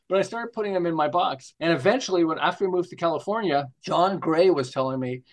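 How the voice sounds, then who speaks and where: Man, 60s, from Montreal; guest author, animated storyteller, slightly high voice. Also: fast talker. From Canada, Montreal. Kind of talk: storytelling interview answers.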